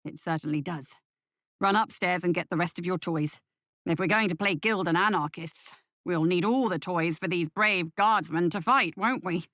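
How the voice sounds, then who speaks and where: A woman voicing a guilt-ridden working-class father and former drinker, gruff and defensive. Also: sits high, moderate pace, pushed and bright, no echo, studio quality, pitched below the performer's own voice. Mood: coaxing.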